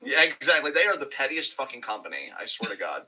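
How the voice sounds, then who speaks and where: A man co-hosting a casual wrestling review podcast, talking in an animated, profane and rambling way. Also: medium pitch, quick pace, crowd noise, poor audio. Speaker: podcast co-host.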